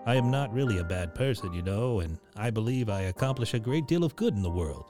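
A man voicing a soft-spoken, regretful male spirit in a storybook reading, with a soft, pleasant, pleading tone. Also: fairly low pitch, expressive, fairly quick, over music, close to an everyday voice.

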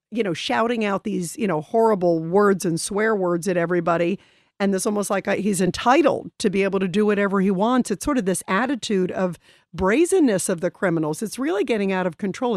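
A woman's voice: medium pitch, brisk, darkish tone, no room sound. A woman with a mid-range voice hosts a talk show and reacts with conversational indignation. Her voice sounds dry and close, with no room around it. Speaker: host. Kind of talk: talk radio hosting.

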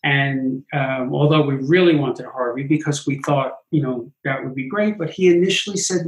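A man, a Broadway producer, telling animated stories in an interview and acting out what others said. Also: mid-range voice, normal speed, hardly any pauses, echoey room, rough recording. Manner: animated anecdotes, acts out quotes. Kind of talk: interview storytelling.

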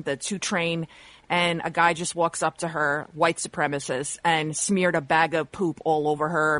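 A woman's voice: on the low side, a bit bright, dry recording. A woman hosting a talk radio discussion, retelling a news story with indignant rhetorical questions. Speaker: radio talk show host.

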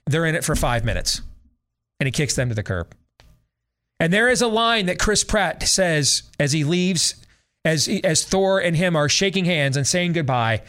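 A man's voice: on the high side, animated, moderate pace, a bit bright. A middle-aged man hosting a talk show, ranting sarcastically in a casual monologue and mimicking voices. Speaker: radio talk show host.

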